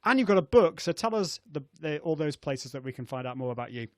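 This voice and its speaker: A middle-aged man chats on a live video show in a slightly high, expressive, a little mellow voice at a quick pace, laughing often and full of fillers and restarts. Recorded through a video call setup, the sound is clean studio quality with no room sound.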